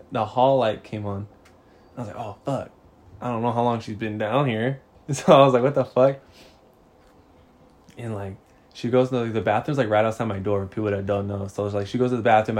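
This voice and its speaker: A man's voice: on the low side, a little mellow. A man in his twenties, a podcast co-host, telling a story in casual slang with lots of swearing and laughter.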